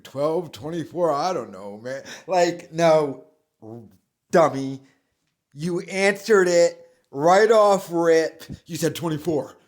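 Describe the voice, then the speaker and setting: Male reaction host, scornful ranter, slow measured delivery. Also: mid-range voice. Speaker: reaction commentator. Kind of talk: ranting reaction commentary.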